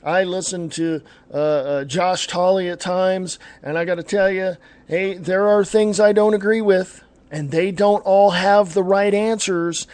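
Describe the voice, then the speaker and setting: A man's voice: high voice, steady tone, a little slow, few pauses, a little mellow, dry recording. A man hosting an online talk radio show, ranting bluntly and combatively and stopping now and then to correct himself.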